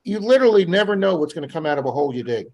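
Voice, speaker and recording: Brief: guest man from Florida, chatty animated storyteller, slightly high voice. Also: racing. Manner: rambling, animated anecdotes with acted-out quotes. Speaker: guest metal detectorist. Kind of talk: casual storytelling on a live podcast.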